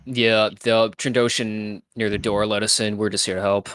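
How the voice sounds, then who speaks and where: A man's voice: fairly low pitch, level tone, normal speed, fairly bright tone, smooth, no echo. A man playing a tabletop game, speaking in character and describing his moves. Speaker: player.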